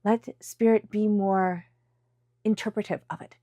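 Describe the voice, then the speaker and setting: Stuffy-nosed woman tarot reader, conversational and emphatic with hushed asides, dry close sound. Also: medium pitch, steady tone, unhurried, dry recording. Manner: chatty, emphatic, drops into soft whispers. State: congested. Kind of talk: casual tarot reading to camera.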